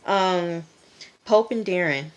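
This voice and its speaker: Low-voiced woman chatting through a recap. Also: slow, clean tone. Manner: chatty, many fillers, addresses viewers as y'all. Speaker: TV episode reviewer. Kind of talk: casual TV episode recap.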